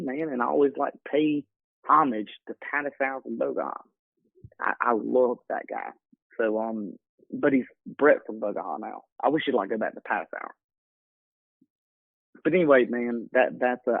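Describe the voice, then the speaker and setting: A gravelly-voiced man calls in and rambles, leaning on fillers. His voice comes through a thin, dry phone line. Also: mid-range voice, no room sound. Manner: rambling, heavy fillers, swearing. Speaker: caller.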